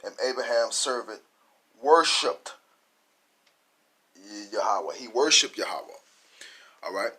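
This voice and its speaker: A man teaching from scripture, speaking, who punches key words loudly and asks and answers his own questions. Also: on the low side, husky. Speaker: Bible teacher.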